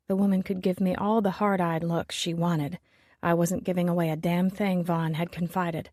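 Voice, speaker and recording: Female audiobook reader, lowish voice, wry and measured; dry, close recording. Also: a little mellow, dry recording. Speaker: audiobook narrator. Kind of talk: first-person audiobook narration.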